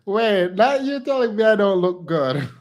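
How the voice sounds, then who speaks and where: A man in a slightly higher register runs a casual livestream. He teases his guests in quick, playful banter. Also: sing-song. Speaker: livestream host.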